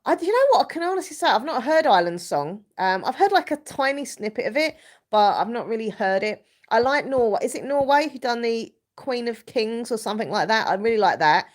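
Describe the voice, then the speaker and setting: A woman's voice: fairly high pitch, lively intonation, a little fast. A woman, chatting loosely on a live stream. She sounds stuffy and congested from a cold, and she rambles along while reading out viewers' comments. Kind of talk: casual live stream chat.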